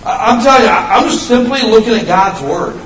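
Folksy fifty-something preacher in an echoey room. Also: male voice, sits high, brisk, far from the mic, slight background noise. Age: 50s. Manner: folksy, animated preaching with sudden shouted bursts. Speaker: pastor. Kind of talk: sermon.

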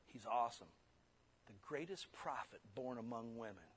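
A man preaching a sermon, blunt and forceful, slipping into quick mimicked excuses. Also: mid-range voice, expressive, breathy edge.

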